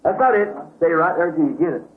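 High-pitched preacher guy, folksy, keeps going "see?", tinny old tape. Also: lively intonation, quick pace, roomy sound. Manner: folksy, repeats "see?" often, self-correcting. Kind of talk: question-and-answer sermon.

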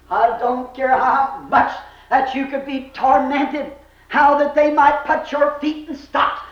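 High-pitched man preaching in an echoey church. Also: animated, slow pace. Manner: impassioned, swinging from shouts to hushed low lines. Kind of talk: fervent revival sermon. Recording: echoey, dull old sermon recording.

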